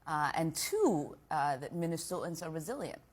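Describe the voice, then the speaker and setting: Brief: woman politician, very low voice, steady interview answer with ums and uhs. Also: slightly rough. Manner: measured, with many um and uh fillers.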